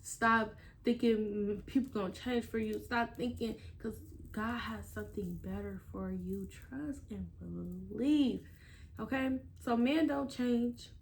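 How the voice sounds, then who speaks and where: A fairly high-pitched woman telling a story straight to the camera in an animated, emphatic way. She swears freely and drives her advice home with repetition. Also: slow pace, vocal fry, a little hiss or hum. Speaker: vlogger giving relationship advice. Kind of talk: casual storytelling vlog.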